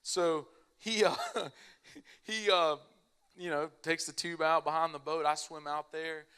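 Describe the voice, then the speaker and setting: Man, slightly high voice, lively storyteller, chuckles as he talks. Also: unhurried, smooth. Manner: animated, laughs through his own story. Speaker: speaker at a church family event. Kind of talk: humorous storytelling to a live audience.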